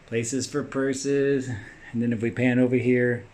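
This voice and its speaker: A man's voice: medium pitch, flat delivery, a little slow, a little mellow. A man narrating a casual walkthrough of a house as he films it, pointing things out as he walks from room to room. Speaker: house tour vlogger. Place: inside a large house.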